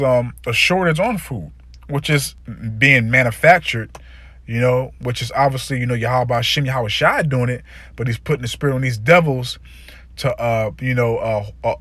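A man's voice: medium pitch, a bit bright, no room sound. A man giving a fervent, profane sermon, reading scripture aloud and stumbling over many filler sounds. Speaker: preacher.

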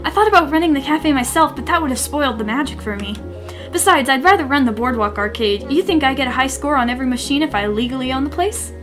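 A woman's voice: high voice, expressive, fast, over music. A woman voicing a playful young woman arcade owner with a chirpy manner.

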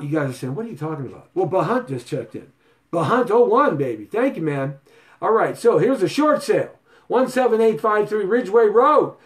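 A man hosting a real estate show, talking to viewers in a playful, showy sales pitch full of sing-song repeats and stutter gags. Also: very animated, normal speed.

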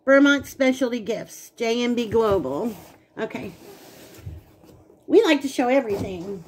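A woman's voice: on the high side, expressive, a little slow, a little mellow, slight background noise. A woman co-hosting a casual unboxing vlog, gushing and talking straight to her viewers. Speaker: channel co-host.

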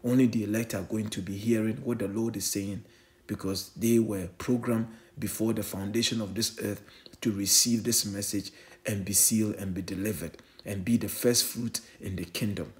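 A man's voice: on the low side, steady tone, moderate pace. A man preaching an online sermon in a fervent, repetitive way, often asking "eh?" and addressing listeners as family.

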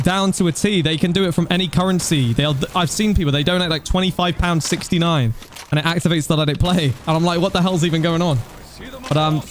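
A young man streaming a game, chatting casually and thanking donors, getting excited at times. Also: sits high, a little hiss or hum. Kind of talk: casual live-stream chat.

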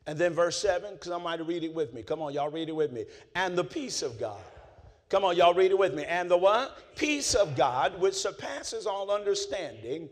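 A male pastor delivers a sermon in a fairly high voice. He drops low and quiet, then climbs into shouts, and keeps asking the congregation to answer back. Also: lively intonation, normal speed. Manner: call-and-response preaching, swings from low and quiet to shouting.

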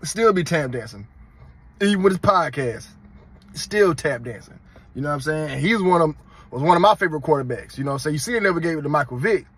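A man from North Carolina with a Southern accent, hosting his own vlog in a casual, animated, mocking ranting style. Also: on the high side, fast talker, husky. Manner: animated, mocking, emphatic rants. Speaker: channel host.

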